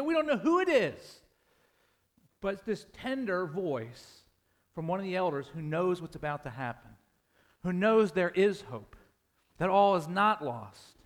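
A pastor preaching a sermon in a dramatic way, swinging between loud emphasis and hushed lines. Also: male voice, high-pitched.

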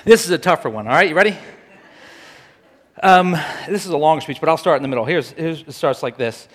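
A man's voice: fairly high pitch, lively intonation, moderate pace, long pauses, pushed and bright. A man speaking informally to a gathered audience, quizzing them between recitations, with frequent fillers and restarts. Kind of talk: informal address with dramatic recitation. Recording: long reverb of a large hall.

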